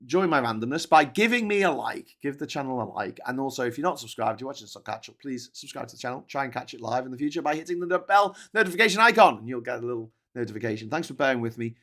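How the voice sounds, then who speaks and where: A man's voice: mid-range voice, animated, quick pace, hardly any pauses, fairly bright tone. A man hosting a live news commentary stream, rambling and jokey, often correcting himself. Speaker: show host. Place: seated in his own show chair.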